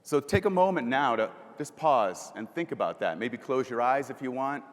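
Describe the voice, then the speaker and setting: A man speaking at a middle pitch delivers a motivational keynote on a conference stage, asking questions and leading slow breathing. His voice rings through a large hall with a long reverb tail. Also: animated. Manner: asks the audience questions and leads breathing exercises.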